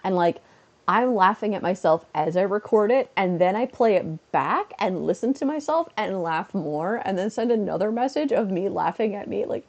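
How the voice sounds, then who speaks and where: A woman's voice: mid-range voice, animated, normal speed, a little mellow, dull audio. A woman chatting casually on a home stream, giggling at her own jokes. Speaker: live streamer and teacher.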